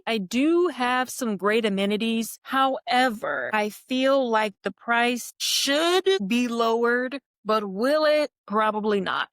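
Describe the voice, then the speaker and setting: A woman's voice: a little high, no echo, studio quality. A young woman hosting her own podcast, talking in a casual, upbeat and encouraging way. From California. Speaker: podcast host. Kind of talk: casual solo podcast talk.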